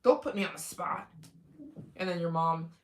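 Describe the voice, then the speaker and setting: A woman's voice: fairly low pitch, normal speed. Young woman chatting on her livestream, rambly, lots of ums and restarts. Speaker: livestream host. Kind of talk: casual livestream chat.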